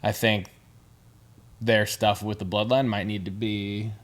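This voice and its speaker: A man's voice: fairly low pitch, flat delivery, measured pace. A man co-hosting a podcast, recapping wrestling matches in loose casual chat, joking and often restarting his sentences. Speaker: podcast co-host.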